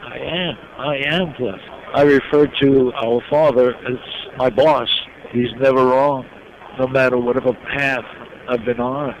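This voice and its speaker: An older man from New York, a guest in an interview, telling his life story slowly and with emotion. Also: mid-range voice, fairly even intonation. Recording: dull lo-fi recording with noise.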